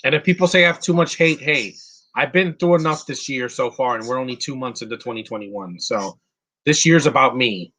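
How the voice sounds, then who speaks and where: A man's voice: medium pitch, brisk, pushed and bright. A man giving casual live commentary on a movie, answering chat questions bluntly with frequent restarts and fillers. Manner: opinionated, blunt, insulting.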